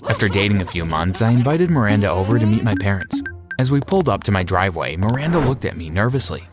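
A man narrating a scripted story in a steady, measured reading voice. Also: fairly low pitch. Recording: music behind.

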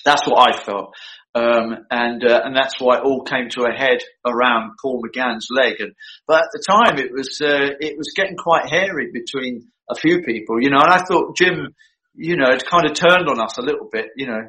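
A man's voice: mid-range voice, moderate pace, rough recording. A man telling anecdotes as an interview guest, acting out the dialogue as he goes. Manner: animated, acts out quoted dialogue. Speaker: guest recalling a film shoot. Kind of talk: anecdotal storytelling.

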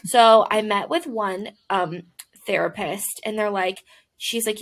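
A woman co-hosting a casual podcast chat, telling stories in an animated, chatty way with lots of "like". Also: mid-range voice, moderate pace. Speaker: podcast co-host.

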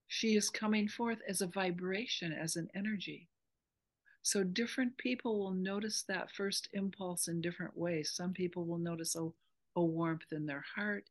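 A woman spiritual teacher in an interview, earnestly explaining a meditation practice step by step. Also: on the low side.

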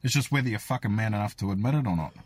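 A man's voice: on the low side, rapid-fire, dry recording. A man with a strong New Zealand accent leaving a voice message, telling a crude story and chuckling through it. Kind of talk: voice message anecdote.

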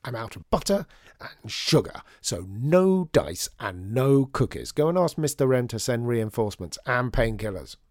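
A man voicing a hot, harassed male cook who rants loudly and dramatically in a storybook reading. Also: medium pitch, sing-song, moderate pace, no room sound, clean studio sound, natural voice. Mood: exasperated. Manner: loud exasperated rants.

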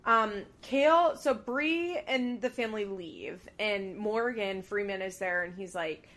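A woman co-hosting a casual podcast, recapping reality TV with animated, swear-filled chat and acted-out quotes. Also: medium pitch, unhurried. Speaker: podcast co-host.

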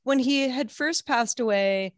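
A woman's voice: high-pitched, a little slow, no room sound, clean studio sound. A young woman hosting a podcast, chatting casually and rambling, acting out quotes in playful voices. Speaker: podcast host. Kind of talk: casual chat.

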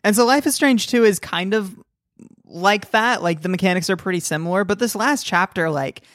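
A woman co-hosting a casual chat about video games, animated and rambling, laughing often. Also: medium pitch, moderate pace, no room sound, clean studio sound. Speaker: podcast co-host.

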